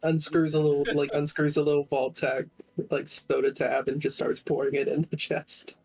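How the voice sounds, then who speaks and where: A tabletop game player cracking dry, deadpan jokes. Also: medium pitch, normal speed, slightly rough, low-quality recording.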